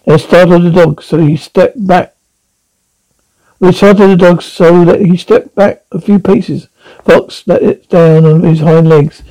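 Brief: male audiobook reader, gravelly, dark tone, halting with restarts. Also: on the high side, low-quality recording. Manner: halting with frequent slips and restarts. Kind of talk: storybook narration.

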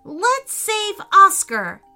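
Woman playing a young boy, high, eager, bright, animated, storybook. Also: measured pace, faint music behind, full character voice. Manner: high, eager, sometimes worried. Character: young boy Keegan, cautious little brother.

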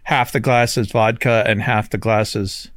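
A man's voice: fairly low pitch, fairly even intonation, moderate pace, no echo, studio quality. Easygoing, joking man on a podcast. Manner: easygoing and joking, self-deprecating. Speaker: military veteran podcast co-host. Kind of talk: casual podcast chat over drinks.

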